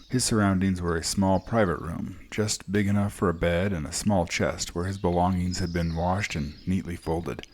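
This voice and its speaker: A man reading fantasy narration in a slow, calm, descriptive way. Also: low-pitched, slightly rough. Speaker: storyteller.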